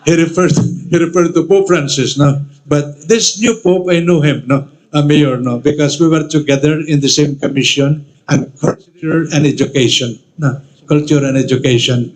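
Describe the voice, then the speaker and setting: Older Filipino archbishop, slightly high voice. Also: male voice, steady tone, normal speed, rough recording. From Philippines, Iloilo. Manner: conversational, keeps adding a questioning "no?" as a tag; self-deprecating and jokey. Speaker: archbishop giving an acceptance speech. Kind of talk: formal acceptance speech with humor.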